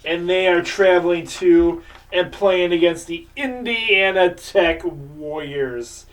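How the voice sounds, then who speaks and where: A man's voice: high-pitched, takes it slowly, recorded from a distance. A man hosting a local sports show, giving casual, rambling game picks and previews.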